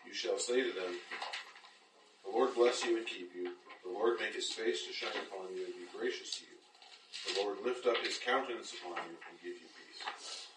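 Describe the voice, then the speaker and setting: A man in a Bible class reading a scripture passage aloud in a steady manner. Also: on the low side, moderate pace. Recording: echoey room, distant mic, audible noise.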